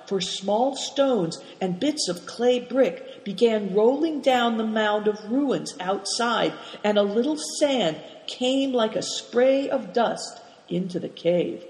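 A steady storybook narrator reading aloud at a moderate pitch. The voice rings through a roomy hall with a long reverb tail. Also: slow.

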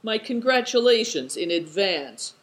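A gruff, suspicious man from a storybook, put on by the reader. He growls his words sulkily, and the pitch still moves a good deal. It is a read-aloud adventure tale. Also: expressive, unhurried, a bit bright. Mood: grumbling. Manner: growling, sulky. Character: gruff sulky adult man, grumbling and suspicious. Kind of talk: storybook character voice.

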